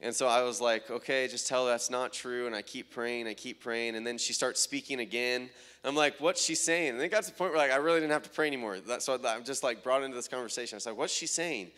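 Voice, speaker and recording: A young man, a minister, telling testimony stories from healing meetings, halting with fillers and growing excited as he retells what people said. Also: mid-range voice, clean tone. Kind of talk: testimony storytelling.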